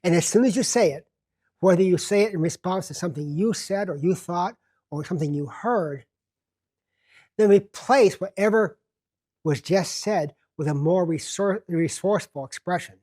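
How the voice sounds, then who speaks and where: A man hosting a self-help television show, teaching in a deliberate, emphatic way and slowing down to stress key words. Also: high-pitched, warm tone. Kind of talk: self-help lecture to camera.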